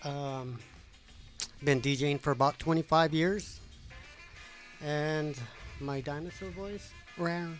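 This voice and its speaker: A man from Southern California, a guest DJ, speaking quietly and laid-back, laughing things off. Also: fairly high pitch, fairly even intonation, takes it slowly, pauses often, faint music behind. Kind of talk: casual chat.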